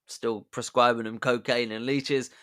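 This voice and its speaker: A man's voice: mid-range voice, little pitch movement, a little slow, fairly bright tone, clear, resonant tone. A man hosting a podcast, chatty and jokey, telling history as a casual story and laughing at his own jokes. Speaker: podcast host.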